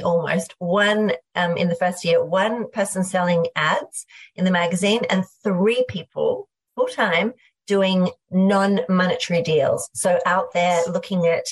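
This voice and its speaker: A middle-aged Australian woman, a guest entrepreneur, tells her story in a lively, fast conversational way, full of "like" and asides. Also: lowish voice. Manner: animated, fast, filler-heavy, uses "like" often.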